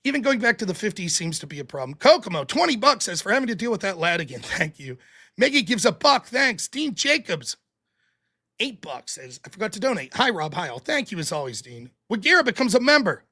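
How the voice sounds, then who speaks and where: A man runs a political call-in stream in a high-pitched, sing-song, sharp voice, swearing and arguing hard with rapid-fire questions; afterward he reads donations on air.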